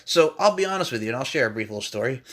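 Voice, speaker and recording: A man in his thirties hosting a casual podcast chat, animated and quick to jump into high-pitched exclamations and laughter. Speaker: podcast host.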